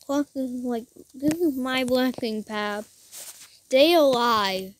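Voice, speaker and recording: A young gamer giving rambling let's-play commentary who often restarts sentences and breaks into excited bursts. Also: high voice, a little slow, a little hiss or hum. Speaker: gamer narrating his own play.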